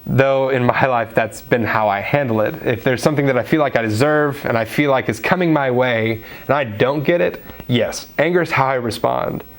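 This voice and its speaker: A preacher gives a daily devotional sermon conversationally, using fillers and now and then acting out quoted voices. His voice is medium in pitch, at a moderate pace with hardly any pauses.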